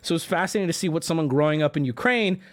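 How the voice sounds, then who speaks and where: A man's voice: on the high side, racing. A young man telling a rambling story on a live stream, talking to chat and swearing freely.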